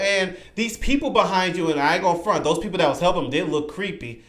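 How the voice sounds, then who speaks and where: A man reviews a horror movie in a casual, excitable ramble, circling back and repeating himself. His voice sits a little high. The recording has a roomy echo. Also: brisk.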